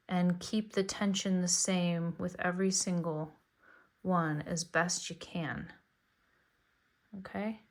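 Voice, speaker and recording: A woman with a lowish, steady voice speaks slowly as she teaches beginners how to cast on knitting stitches. She walks through each step in a casual tutorial, chatty and encouraging.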